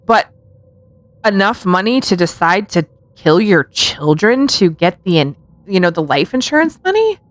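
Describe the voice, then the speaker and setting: A woman's voice: mid-range voice, very animated, normal speed, dry recording. A woman co-hosting a casual podcast, telling true-crime stories with sarcastic asides and frequent giggles. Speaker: podcast co-host.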